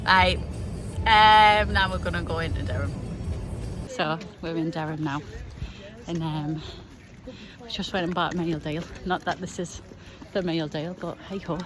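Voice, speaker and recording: A woman's voice: on the low side, a little slow, over music, low-quality recording. A young woman, chatting casually to her phone camera outdoors in a town and laughing often. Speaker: vlogger. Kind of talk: casual vlog chat. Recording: outdoor phone video with street noise.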